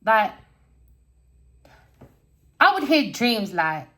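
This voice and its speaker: A woman's voice: on the high side, big pitch swings, extremely slow, a bit bright. A woman giving a casual tarot reading, blunt and rambling, swearing constantly as she tells stories. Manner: storytelling, rambling. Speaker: tarot reader.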